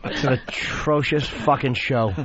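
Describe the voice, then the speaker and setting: A man's voice: medium pitch, fairly even intonation, a little slow, dull audio, very noisy. A man co-hosting a radio show, blunt and crude in banter. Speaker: radio co-host.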